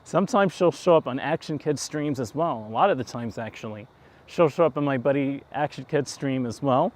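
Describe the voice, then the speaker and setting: A man's voice: mid-range voice, expressive, brisk, darkish tone. A man with a slight New York accent, hosting a casual walk-and-talk livestream outdoors at night, rambling and chuckling as he goes. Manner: rambling, chatty, chuckling asides. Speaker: livestream host. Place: outdoors on town streets at night.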